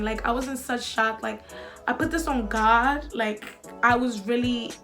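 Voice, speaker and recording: Young new woman telling a storytime, kinda high voice, lots of likes and cussing, faint music under. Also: steady tone, moderate pace, fairly bright tone. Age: young adult. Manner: slangy, many likes, swearing freely. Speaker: vlogger. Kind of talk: casual storytime.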